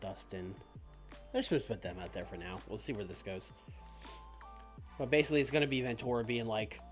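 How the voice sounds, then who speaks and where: A man's voice: lowish voice, a little fast, long pauses. A man streaming a game, talking casually and offhand, thinking aloud and swearing now and then. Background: faint background music.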